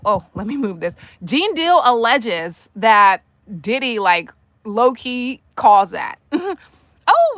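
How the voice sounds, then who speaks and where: A woman hosting a casual commentary livestream, sassy and animated, talking straight to the people she discusses. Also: on the high side, no echo. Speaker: livestream host.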